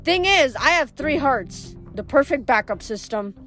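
A woman's voice: high-pitched, expressive, measured pace, a bit bright, faint music behind. A woman voicing a boastful, smug three-bodied male rancher villain in a storybook reading. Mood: taunting. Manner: smug, taunting.

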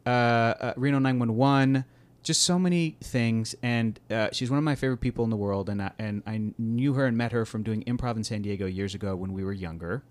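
A man's voice: medium pitch, fairly quick. A man in his thirties co-hosting a podcast, chatting casually and rambling with frequent laughs and fillers. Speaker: podcast co-host. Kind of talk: casual chat.

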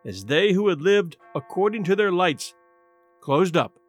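A man's voice: high voice, lively intonation, soft background music. A man narrating a classic short story as host of a story podcast. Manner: measured storytelling.

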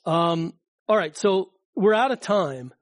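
A man's voice: high voice, animated, slow pace, no echo. A man giving an informal public talk about slides, chatty and rambling, with frequent fillers and restarts. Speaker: guest speaker.

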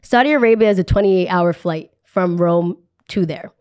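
A woman's voice: lowish voice, normal speed, clean tone. Chatty New woman telling a story. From New Jersey. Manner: animated, chatty, acts out the people she quotes. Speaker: podcast host telling a story. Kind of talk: casual storytelling.

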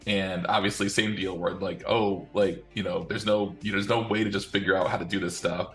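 A man's voice: sits low, little pitch movement, a little fast, fairly bright tone, soft background music. A man in his thirties chatting casually as podcast co-host, rambling and restarting his sentences. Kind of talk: casual chat.

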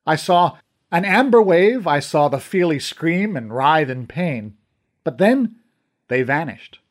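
A man's voice: fairly high pitch, lively intonation, slow, voice pushed up. A man voicing a stern male master archer who guards an armory and speaks in formal, old-fashioned courtly language. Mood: grave. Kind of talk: audiobook character reading.

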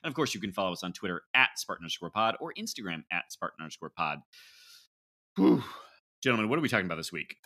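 A man's voice: low voice, very animated, fast talker, sharp tone. A man hosting a casual sports podcast, bantering loosely and laughing through his lines. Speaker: podcast host.

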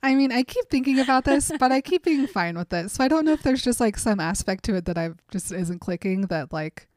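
A woman's voice: on the high side, fairly quick, no room sound. Woman reading a book aloud, dry close mic. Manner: reads dialogue with light acting, relaxed.

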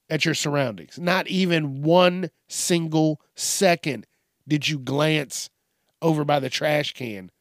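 A man's voice: on the high side, dry recording, clean studio sound. A man hosting a casual solo podcast, rambling and cursing with a slight Southern twang and frequent laughs. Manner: profane, rambling, laughs often. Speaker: podcast host. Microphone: studio microphone.

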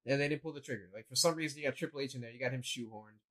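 Animated young man telling a story. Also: medium pitch, very fast. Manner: animated storyteller, acts out quotes. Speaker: co-host. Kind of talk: casual chat.

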